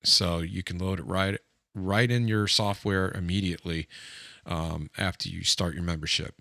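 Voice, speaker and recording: A very low, gravelly male voice with a bright, forceful edge, heard close and dry. He walks through a software demo in a loose, thinking-aloud way, full of ums and restarts. He keeps calling each feature cool. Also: fairly even intonation, normal speed, no echo. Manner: easily delighted, keeps saying it's cool. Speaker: gear reviewer walking through software. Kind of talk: casual screen-share demo.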